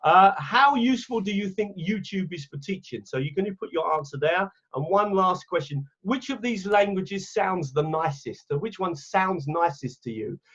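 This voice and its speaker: A man's voice: high-pitched, expressive, normal speed, few pauses, a bit bright, muffled recording. English man leading an online teacher training. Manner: chatty, self-correcting, talks while clicking around. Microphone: computer mic on a video call.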